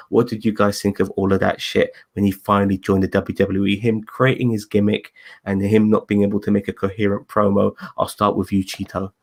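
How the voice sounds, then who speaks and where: A man's voice: on the low side, vocal fry. A man hosting a casual review chat over a video call, rambling, swearing and correcting himself as he goes. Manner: rambling, profane, self-correcting. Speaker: podcast host.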